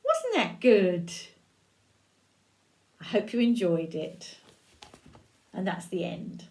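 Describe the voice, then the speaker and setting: An older woman reads a picture book aloud to young listeners. She speaks slowly, with a lilting, rising and falling melody. She breaks off the story to chat and ask them questions. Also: medium pitch, sing-song. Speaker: grandmother reading to children.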